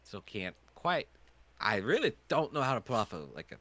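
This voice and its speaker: A man's voice: medium pitch, very animated, moderate pace, fairly bright tone, no room sound. A man running a tabletop game as game master, talking casually and thinking aloud.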